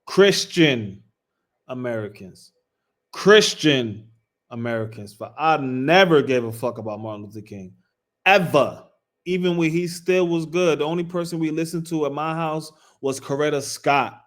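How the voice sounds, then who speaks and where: A man's voice: on the high side, normal speed, a bit bright. A man hosting a reaction video, talking bluntly and profanely and mocking what he watches. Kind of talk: casual reaction commentary.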